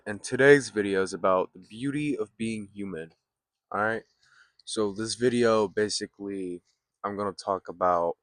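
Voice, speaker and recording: A young man talks to his viewers in an easygoing, rambling way, filling the gaps with plenty of fillers. His voice sits a bit low. The sound is dry and close. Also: no room sound. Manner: laid-back, rambling, lots of fillers. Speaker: vlogger. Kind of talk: casual vlog talk. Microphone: phone or camera mic, built-in mic.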